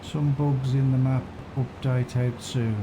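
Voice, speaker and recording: A man's voice: medium pitch, little pitch movement, slow. A man casually streaming a farming game, thinking aloud and chatting with viewers. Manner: musing, unsure, chats with viewers. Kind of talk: casual live-stream commentary. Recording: constant background noise.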